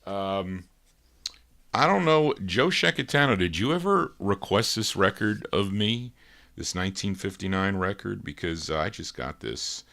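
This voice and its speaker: A man with a very low voice hosts a live record show in relaxed, casual chat. He muses aloud as he goes, pausing often and filling the gaps with "uh.". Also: vocal fry. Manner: easygoing and musing, thinks aloud with many "uh"s.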